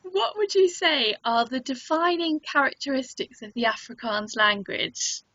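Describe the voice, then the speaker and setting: Woman interviewer with a higher, sharp and bright voice; muffled lo-fi recording. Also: animated, measured pace, dry recording. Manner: brief questions and laughs. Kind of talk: casual interview chat. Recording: muffled lo-fi sound.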